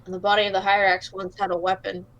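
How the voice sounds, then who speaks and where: A woman's voice: mid-range voice, completely flat delivery, fast talker, fairly bright tone, highs cut off. A woman playing a tabletop game, explaining plot points in a wry way. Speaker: player. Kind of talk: casual tabletop game chat.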